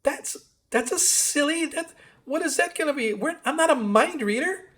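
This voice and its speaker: A man's voice: extremely high pitch, lively intonation, normal speed, a bit bright. A man voicing a caged blonde woman who insists the other prisoner is lying. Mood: scornful. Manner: insistent, accusing. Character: blonde woman in a cage, accusing and scornful.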